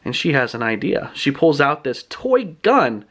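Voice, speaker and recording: Man, casual book recap, lively swooping voice, indignant asides. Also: on the high side, a little slow. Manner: animated, indignant, laughs often. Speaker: book reviewer.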